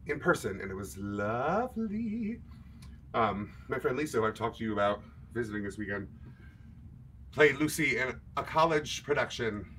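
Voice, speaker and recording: A man's voice: medium pitch, sharp tone, slight background noise. A man hosting a livestream, chatting casually with viewers between show tunes and joking about himself. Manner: self-mocking, joking, chatty asides to viewers. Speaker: livestream singer and host.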